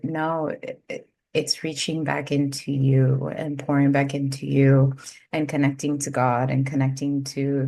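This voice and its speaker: Woman coach, low voice, encouraging and emphatic in casual talk. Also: darkish tone. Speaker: life coach. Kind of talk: casual conversation with client.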